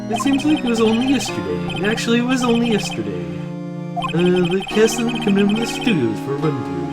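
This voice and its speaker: A man's voice: sits high, wildly swooping pitch, fairly quick, pitched above the performer's own voice. A man voicing a timid, nervous grown man in a fan dub of a video game, speaking hesitantly and stammering. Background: loud game music.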